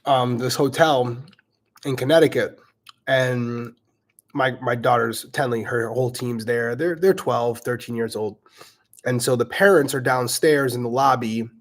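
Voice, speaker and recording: Animated, casually swearing middle-aged man. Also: mid-range voice. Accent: regional accent, self-noted. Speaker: podcast host. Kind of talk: casual Q&A storytelling.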